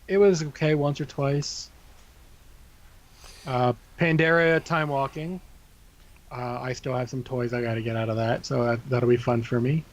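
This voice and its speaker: A man's voice: medium pitch, steady tone, unhurried, pauses often. A man co-hosting a gaming podcast, casually running through an event list with loose asides. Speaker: podcast co-host.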